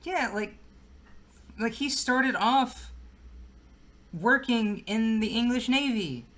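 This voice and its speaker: Woman, slow unhurried speech, laid-back co-reviewer, casual chat. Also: fairly high pitch, expressive, a bit bright. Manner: laid-back, agreeing, laughs often. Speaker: movie reviewer.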